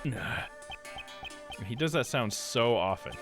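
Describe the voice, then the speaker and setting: A man's voice: mid-range voice, expressive, brisk. A man streaming a game live, chatting in a laid-back, jokey way. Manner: laid-back, jokey, says dude a lot. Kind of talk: casual live-stream commentary. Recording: game music behind.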